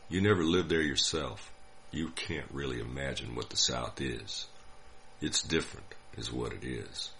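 An older man from the United States telling a personal story in a dry, wry, unhurried way. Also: extremely low pitch, sharp tone, slight background noise. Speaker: narrator. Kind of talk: scripted storytelling.

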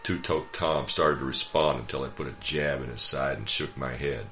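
Very deep-voiced man reading a wry story. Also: moderate pace, hardly any pauses, pushed and bright, slight background noise. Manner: wry, dry humor. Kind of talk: first-person story reading.

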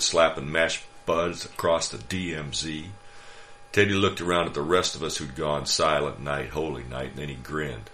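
Man narrator, extremely deep voice, wry storyteller, light hum in the background. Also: normal speed, a bit bright. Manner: wry, dry humor. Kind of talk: first-person story reading.

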